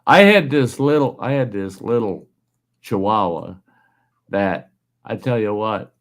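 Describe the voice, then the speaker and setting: A man's voice: fairly low pitch, expressive, measured pace. A man telling a folksy tale in casual chat, acting out the voices of the people in his stories.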